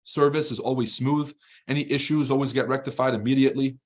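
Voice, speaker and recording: Male live-stream trading host, mid pitch, blunt and profane, combative with chat. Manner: fast, rambling and animated when ranting. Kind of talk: casual live-stream commentary reading chat.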